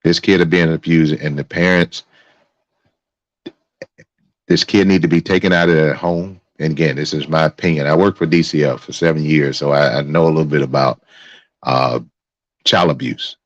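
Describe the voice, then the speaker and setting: This stream host's voice is extremely deep, and his heated rant comes at a moderate pace with a steady tone and frequent pauses. He swears and keeps going back over the same words, all captured dry and a bit dull on a close, lo-fi mic with no echo.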